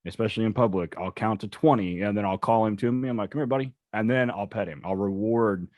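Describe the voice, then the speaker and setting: Low-voiced man, profane storyteller. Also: fairly quick, a little mellow, no room sound. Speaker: podcast co-host. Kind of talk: casual chat.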